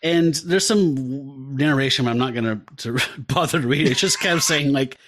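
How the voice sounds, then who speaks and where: A man hosting a podcast, casually walking through comic pages in an animated way with lots of fillers. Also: mid-range voice, normal speed. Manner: animated, describes panels with many fillers. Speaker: podcast host. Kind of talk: casual comic-book discussion.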